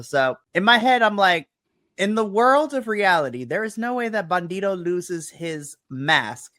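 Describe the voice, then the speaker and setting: Bright-voiced playful male podcast host. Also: high voice, moderate pace, dry recording, clean studio sound. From US West Coast. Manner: animated, playful, recaps with mock quotes. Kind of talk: casual chat, wrestling review. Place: home.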